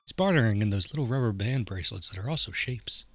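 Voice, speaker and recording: A man's voice: lowish voice, animated, quick pace, no room sound, faint music behind. A man voicing a weary middle-aged teacher. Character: tired middle-aged male schoolteacher.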